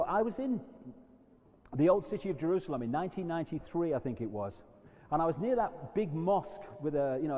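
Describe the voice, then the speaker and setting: Male lecturer, animated and emphatic, mid-high voice, dull lo-fi hall recording with long echo. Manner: animated and emphatic, jumping between loud outbursts and quiet asides. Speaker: public speaker. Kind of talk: live lecture to an audience.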